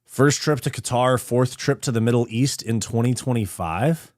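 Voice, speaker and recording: A man's voice: medium pitch, normal speed, a little mellow, no echo, studio quality. A man from California, hosting a live fight watch party in a casual, slangy and profane way. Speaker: host.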